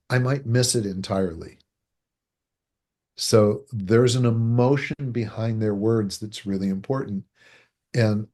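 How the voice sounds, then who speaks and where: A man speaking as a guest author in a podcast interview, animated, acting out what people say and chuckling between points. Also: lowish voice. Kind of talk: conversational interview.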